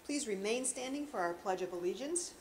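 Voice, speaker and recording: Here a middle-aged woman hosts morning school announcements in a cheerful, talkative, encouraging manner. She speaks a little fast, pitched fairly high, with lively intonation, and the audio carries room reverb plus faint noise.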